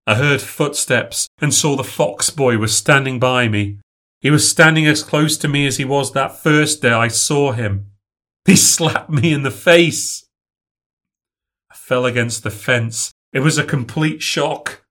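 A man's voice: mid-range voice, measured pace, fairly bright tone. Male narrator for a spoken ghost story; emotional first-person delivery that swells with the drama.

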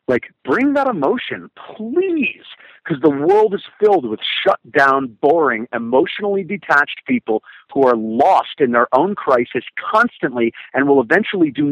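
A man's voice: a little high, fairly bright tone, slightly rough, no echo, dull audio. A man talking as a podcast guest, an emphatic storyteller who acts out other people's thoughts. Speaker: guest, motivational speaker and hardcore singer. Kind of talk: animated podcast conversation.

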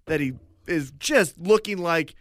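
A man co-hosting a podcast, chatting casually and excitably, swearing freely and acting out lines he quotes. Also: on the high side, unhurried, no room sound, clean studio sound. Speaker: podcast co-host. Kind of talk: casual chat.

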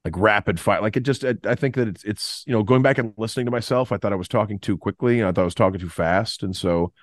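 A man, a podcast co-host and former play-by-play broadcaster, talking in casual chat with a slow, level, deliberately restrained delivery. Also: on the low side, no echo.

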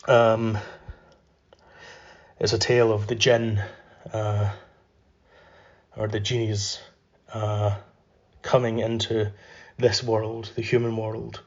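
A man hosting a podcast, giving a measured literary reading and chatting loosely between readings. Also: on the low side, flat delivery. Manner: measured, unhurried reading; loose and filler-heavy when chatting. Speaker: podcast host reading aloud. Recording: roomy, slightly dull recording.

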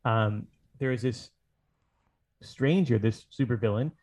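A man's voice: mid-range voice, unhurried, a little mellow. A man hosting a casual podcast chat, thinking aloud and rambling with fillers. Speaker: podcast host.

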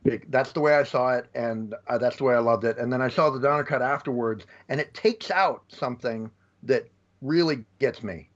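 A man from the United States chatting casually about movies on a podcast, retelling scenes in an animated way. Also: medium pitch, moderate pace. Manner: animated storyteller. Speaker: podcast guest. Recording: slightly dull lo-fi audio.

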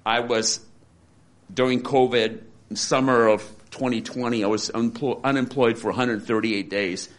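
A man in his sixties giving a candid, rambling personal testimony with dark humor, often restarting his sentences. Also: mid-range voice, steady tone, normal speed. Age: 60s. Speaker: interviewee. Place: support center.

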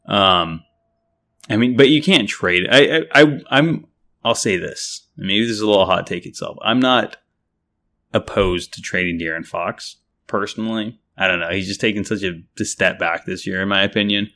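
Gravelly-voiced man hosting a sports podcast. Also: on the low side, normal speed. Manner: relaxed, hesitant, with many fillers and restarts. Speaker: podcast co-host. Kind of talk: casual chat.

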